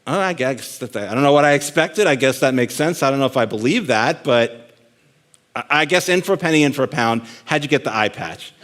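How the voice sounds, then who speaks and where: A man's voice: mid-range voice, lively intonation, a little fast, fairly bright tone, voice pushed up, natural voice. A man voicing an ordinary man at a bar who doubts everything he hears, in his own everyday voice. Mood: incredulous. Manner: doubtful, incredulous. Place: conference stage.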